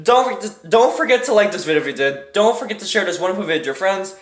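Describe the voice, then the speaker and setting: Fast-talking, animated storytelling man. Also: sits high, reverberant. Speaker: vlog host. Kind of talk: casual storytime vlog.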